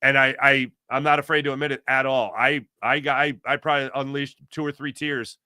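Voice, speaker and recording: Bright-voiced man telling stories. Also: mid-range voice, fairly quick, no echo, studio quality. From Philadelphia. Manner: excited storytelling, animated. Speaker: guest. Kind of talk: casual chat.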